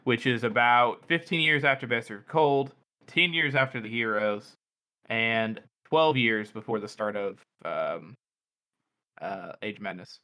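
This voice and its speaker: A male podcast co-host with a bright, forceful voice at a middle pitch. He explains things step by step, hedging with "uh" and "like" as he goes. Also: unhurried. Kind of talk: casual book discussion.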